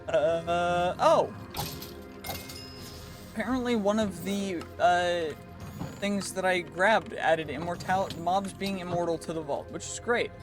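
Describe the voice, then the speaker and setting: A man talks his way through a video game in a loose, chatty commentary, thinking aloud and reacting quickly to what comes up. His voice sits a little high for a man. Clear background music plays under him throughout. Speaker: gaming channel host. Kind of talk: gameplay commentary.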